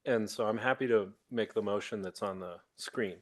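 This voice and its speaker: Low-voiced guy on a city board, halting, questioning procedure. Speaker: board trustee. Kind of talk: procedural meeting talk. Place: city board meeting room.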